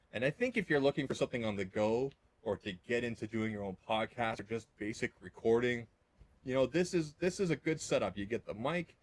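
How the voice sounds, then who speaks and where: A man's voice: medium pitch, no room sound. A man hosting a tech channel, demonstrating a mic setup in a loose, repetitive, casual way. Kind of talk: casual product demo.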